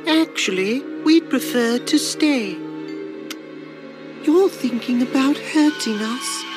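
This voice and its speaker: An eerie, calm British child. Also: female voice, high-pitched. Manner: slow, eerily calm. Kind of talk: cartoon voice acting. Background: music.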